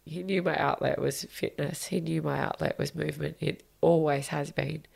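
A woman's voice: low voice, fairly even intonation, moderate pace, creaky, darkish tone, slightly rough. A woman in her thirties, a podcast guest, talking candidly and with feeling, sometimes swearing and sinking to a whisper. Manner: emotional, confessional, swears and drops to a whisper. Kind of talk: candid interview talk.

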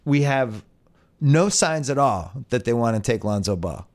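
A man's voice: mid-range voice, expressive, measured pace, a little mellow. A man hosting a casual sports podcast, reading out listener questions and giving wry, opinionated answers. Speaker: podcast host.

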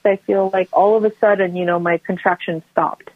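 Female guest, conversational storyteller, loose and rambling, mid-range pitch, phone-quality sound. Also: fairly even intonation, a little fast, no room sound. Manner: rambling, with frequent restarts and "like" fillers. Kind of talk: personal storytelling. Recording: tinny phone line, dry.

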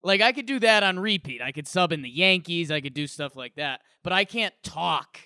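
Bright, animated male podcast co-host. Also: on the high side, moderate pace, no room sound, clean studio sound. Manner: rambling, animated storytelling. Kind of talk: casual podcast chat.

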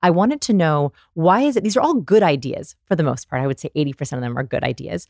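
Animated woman explaining with a dry close sound. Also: low voice, fast talker, creaky, no echo. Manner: animated storyteller, demonstrates voices. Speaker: guest, communication researcher. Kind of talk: conversational explaining.

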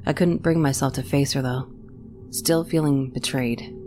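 Low-voiced woman narrating horror. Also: steady tone, unhurried, over music. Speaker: story narrator. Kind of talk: scripted first-person horror narration.

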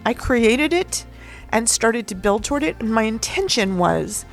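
A podcast host tells a personal story in a loose, rambling monologue on her own show. Her voice sits a little high with a gravelly, fry-edged texture. She is candid and emotional, cursing casually now and then, with lively intonation and an unhurried pace over soft background music.

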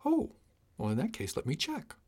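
An oblivious, clumsy cargo chief, voiced by a man in a spoken sci-fi story. He sounds mild, breezy and perfectly reasonable, pitched a little above the narrator's own voice. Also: huge pitch swings, normal speed, a little mellow.

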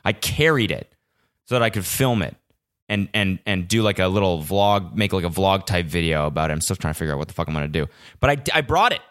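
A young man with a slightly low voice rambles through a solo podcast from his apartment. He sounds frazzled and swears constantly, piling up restarts as he talks. He is picked up by a little vlog camera's built-in mic. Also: animated, fast, fairly bright tone, smooth. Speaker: podcast host. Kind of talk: casual solo podcast monologue. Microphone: small vlog camera mic.

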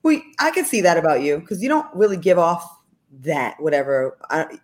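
A woman's voice: lowish voice, very animated, normal speed. A woman guest on a call-in show, telling stories candidly and laughing often. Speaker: guest, former reality TV cast member. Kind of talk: casual interview chat.

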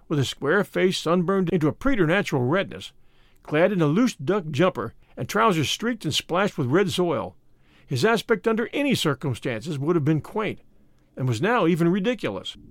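Man reading a classic story aloud, expressive, lively pitch, dry close recording. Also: no room sound. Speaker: narrator. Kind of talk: audiobook narration.

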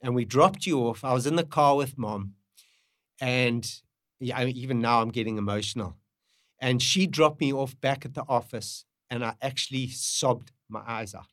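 A middle-aged father, talking in a halting, emotional way and often repeating himself. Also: medium pitch, a bit bright, no echo, clean studio sound. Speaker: parent, podcast guest. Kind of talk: candid conversation.

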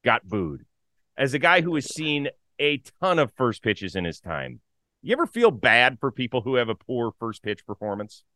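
A man hosting a baseball talk show, upbeat and lively in casual chat. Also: mid-range voice, moderate pace, dry recording. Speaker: host.

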